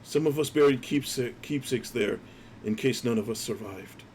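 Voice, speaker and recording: A man voicing a dead traveler's spirit with a raspy voice, giving halting, grim testimony in a tabletop game. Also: medium pitch, a little mellow, a little hiss or hum, lightly acted.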